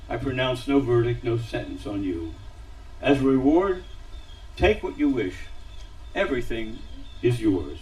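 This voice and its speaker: A man's voice: medium pitch, distant mic, poor audio. Man reading a story in a dramatic voice. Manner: dramatic, dropping to a hush on quiet lines. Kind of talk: reading a story aloud at a service. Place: synagogue sanctuary.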